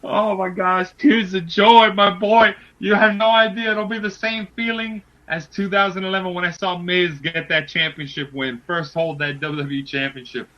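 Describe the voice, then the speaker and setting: A man co-hosting a casual podcast, making wrestling predictions and talking in excited, emphatic bursts that repeat words. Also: high-pitched, normal speed, few pauses, lo-fi sound. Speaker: podcast co-host.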